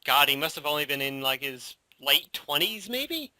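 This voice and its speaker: A man's voice: a little high, very animated, normal speed, pushed and bright, no room sound. A man co-hosting a podcast in casual chat, laughing often and filling gaps with agreeing murmurs. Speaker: podcast co-host.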